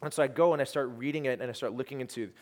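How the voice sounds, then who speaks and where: A young man tells a church mission story in a loose, animated way. He jumps between quiet, hushed retellings and excited bursts, and he keeps restarting his sentences. His voice sits at an ordinary middle pitch. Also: rapid-fire. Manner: animated storyteller, quoting others, trailing restarts. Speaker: youth ministry team leader. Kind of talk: storytelling testimony.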